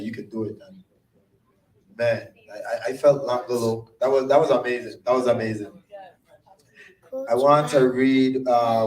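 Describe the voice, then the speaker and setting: A man's voice: medium pitch, a little mellow. A middle-aged man with a Virgin Islands accent, the emcee of a tribute event, speaking casually and from the heart in dialect grammar. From Saint Croix, U.S. Virgin Islands. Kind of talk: unscripted tribute speech. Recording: echoey room from far off.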